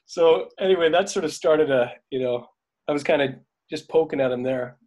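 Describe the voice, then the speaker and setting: A man's voice: fairly high pitch, a little fast, a little mellow. Chatty man telling on-set stories. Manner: rambling anecdotes with fillers and laughs. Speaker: veteran dolly grip, guest. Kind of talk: casual interview storytelling.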